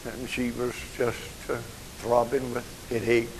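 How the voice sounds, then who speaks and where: An older man, preaching an emotional sermon that moves from soft, hushed passages to rising outcries. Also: mid-range voice, little pitch movement, unhurried, background noise.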